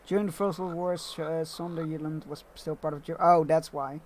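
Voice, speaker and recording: A man's voice: a little high, steady tone, a little fast, darkish tone, a little hiss or hum. A man streaming a game, chatting casually and reading the game text aloud with asides. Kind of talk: casual let's-play commentary. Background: game music.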